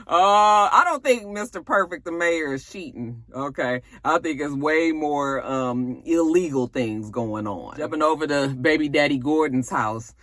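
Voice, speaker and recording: A woman with a low voice gives a casual recap of a TV episode. She talks bluntly and profanely and breaks into emphatic high bursts. Her voice sounds dry and close. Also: expressive, unhurried, hardly any pauses, fairly bright tone, no echo. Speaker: TV show reviewer.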